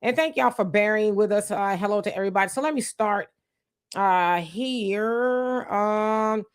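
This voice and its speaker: A woman's voice: medium pitch, a little slow, clear, resonant tone. A woman hosting a livestream. She reads viewer comments aloud and answers them in an emphatic, conversational way, often asking rhetorical questions. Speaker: livestream host.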